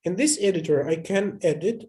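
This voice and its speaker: A man with a high voice but dark tone teaches at normal speed in a live, screen-shared online lecture. The instructor sounds unsure over the video call, musing aloud with many hesitations and restarts.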